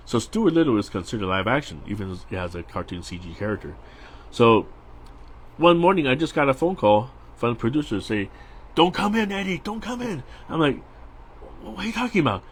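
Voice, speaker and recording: A middle-aged man with a slightly husky voice talks in a loose, rambling way as he sketches. His pitch swings widely, rising when he gets excited and dropping when he mutters to himself, and he often restarts his sentences. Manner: chatty and rambling, with many restarts, fillers and laughs. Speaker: storyboard artist streaming a live drawing session. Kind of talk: casual rambling chat while drawing.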